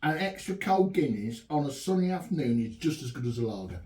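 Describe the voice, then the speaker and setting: A man's voice: mid-range voice, fairly quick, far from the mic, slight background noise. A man from England chatting casually as he reviews home-brewed beer in his home pub shed. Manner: relaxed, chatty, enthusiastic. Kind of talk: casual chat. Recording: echoey room, mic some way off.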